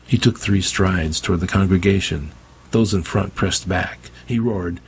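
A man's voice: sits low, normal speed, creaky, husky. A man narrating an audiobook in a dry, wry storytelling manner. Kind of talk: scripted narration.

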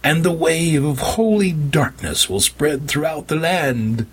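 A man's voice: on the high side, lively intonation, slow pace, breathy edge, voice pushed up, exaggerated voice. A man doing a grandiose vampire prophet. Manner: grandiose, preaching. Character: smug male vampire cult prophet. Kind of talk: audiobook character voice.

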